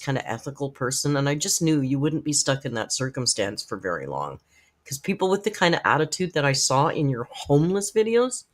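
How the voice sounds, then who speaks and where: Lively, frank, swearing middle-aged woman. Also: sits low. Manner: frank, profane, chatty, talks straight to viewers in the chat. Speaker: live-stream host reacting to videos. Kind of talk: casual live-stream commentary.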